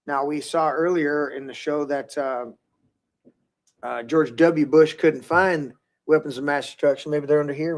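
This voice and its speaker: A man's voice: on the high side, steady tone, unhurried. A man hosting a political talk podcast, rambling in a loose, swearing, casual way. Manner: rambling, swears freely, restarts often. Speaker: podcast host.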